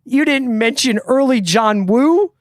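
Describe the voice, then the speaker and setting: A man's voice: very high voice, animated, measured pace, dry recording, clean studio sound. Wry laid-back podcast man. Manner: laid-back, wry, uses 'man' a lot. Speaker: podcast co-host. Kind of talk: casual chat.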